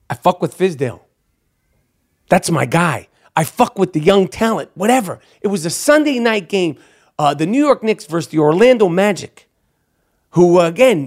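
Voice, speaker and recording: Foul-mouthed man ranting about basketball. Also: sits high. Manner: profane, animated, rambling. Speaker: podcast host. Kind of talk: casual sports podcast rant.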